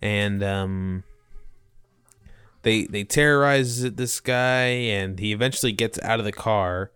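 Low-voiced young man recapping a movie. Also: a bit bright, clear, resonant tone, no echo. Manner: rambling, jokey, quick to mock accents. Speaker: podcast co-host. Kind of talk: casual movie recap chat.

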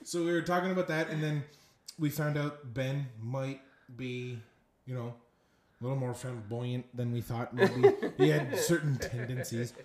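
A young adult podcast co-host in casual, joking banter, laughing often and throwing in quick asides. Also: mid-range voice, roomy sound, background noise. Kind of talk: casual chat.

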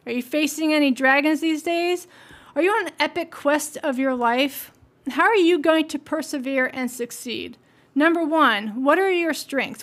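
Woman, podcast host, high pitch, earnest, motivational book commentary. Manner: earnest, asks listeners questions.

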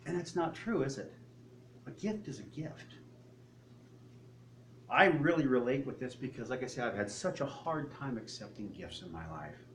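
A man's voice: medium pitch, animated, moderate pace, pauses often, a bit bright, slight background noise. An older man preaching a sermon in a conversational way, acting out little dialogues with God and the congregation. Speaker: pastor.

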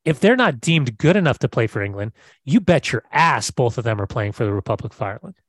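A man's voice: mid-range voice, big pitch swings, quick pace, a bit bright, dry recording. A man co-hosting a casual football podcast, brash and emphatic, swearing casually. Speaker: podcast co-host.

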